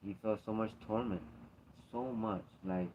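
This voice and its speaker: A man's voice: on the low side, fairly even intonation, measured pace, a little hiss or hum. A man in a casual faith talk, speaking earnestly and emphatically, repeating himself to drive points home. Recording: dull lo-fi recording.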